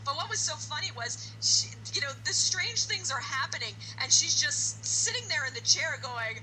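A woman co-hosting a casual podcast chat about horror films, animated and quick to laugh, acting out movie lines. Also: sits high, a little hiss or hum, poor audio. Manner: animated, acts out movie lines in exaggerated voices, laughs often. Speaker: podcast co-host.

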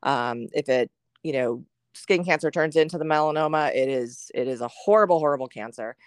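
A woman's voice: sits low, brisk, clear, resonant tone, no room sound, studio quality. A middle-aged woman talking candidly as a podcast guest, full of fillers and acting out her own thoughts. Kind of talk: candid conversational chat.

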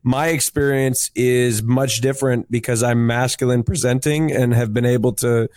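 A man's voice: medium pitch, steady tone, moderate pace, a little mellow, no room sound. A man speaking reflectively and earnestly in casual podcast talk. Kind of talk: casual chat.

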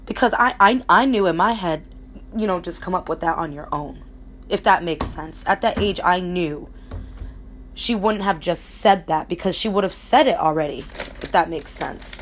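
A woman's voice: on the low side, normal speed, long pauses, slight background noise. A young woman from Connecticut telling a personal story in a casual, rambling way, candid and emotional, swearing freely. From Connecticut, USA. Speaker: vlogger.

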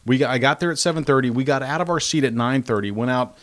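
Man, livestream host, rambling storyteller, mid-pitched casual voice. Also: fast. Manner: rambling, animated retelling with acted-out quotes. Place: home, spare bathroom.

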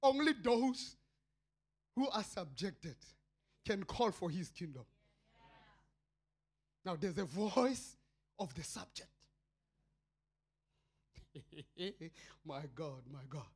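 Slow impassioned South African preacher man. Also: big pitch swings. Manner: impassioned, swinging between shouted cries and low murmurs. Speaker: pastor. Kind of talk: sermon.

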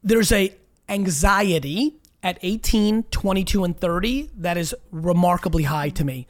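A woman's voice: fairly low pitch, unhurried. A woman hosting a casual live interview, talking emphatically and eagerly and repeating phrases for stress. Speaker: host.

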